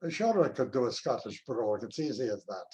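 An older male actor reminiscing in an interview, telling anecdotes in an unhurried way. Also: mid-range voice, sing-song, darkish tone. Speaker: actor guest.

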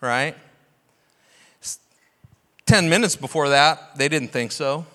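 In a church sanctuary with long hall reverb, a pastor preaches a passionate sermon full of rhetorical questions. His voice is fairly high and a bit bright, and he takes it slowly.

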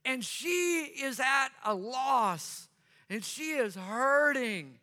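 Slow, bright-voiced male preacher. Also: extremely high pitch, expressive. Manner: earnest storytelling, repeats phrases for emphasis. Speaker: pastor. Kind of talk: sermon. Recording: long reverb of a large hall.

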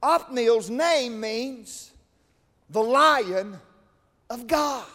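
A preacher with a strikingly high voice delivers a sermon, rising into shouted, sung-out climaxes before falling back to quiet asides. His voice rings with the long reverb of a large church hall. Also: expressive, drawn-out words. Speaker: pastor.

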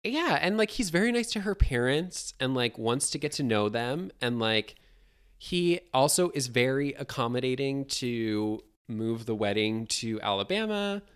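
A woman talks through a movie in loose, chatty conversation. Her pitch swings widely as she gets animated. She slips into characters' lines as she goes. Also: a little slow, clear, resonant tone. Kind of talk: casual movie discussion.

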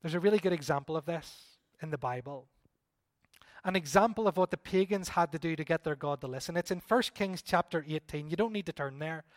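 Male pastor, high voice, animated emphatic sermon delivery, dry close sound. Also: brisk, no room sound. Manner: animated, emphatic, with repeated appeals. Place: church service.

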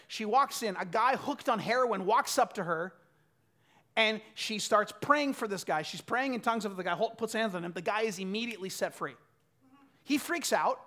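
A man in his thirties preaching a sermon, telling stories and swinging from loud bursts to quiet asides. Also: high voice. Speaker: pastor.

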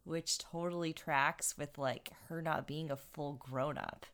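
A woman's voice: deep voice, fairly even intonation, unhurried, a bit bright. Wry woman co-hosting a podcast. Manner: wry, laughs often. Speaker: podcast co-host. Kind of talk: casual podcast chat, reading summaries.

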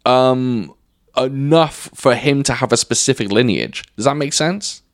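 A man's voice: medium pitch, a little slow, no echo, studio quality. A man interviewing a martial arts teacher, asking questions in a tentative, self-deprecating way with many fillers.

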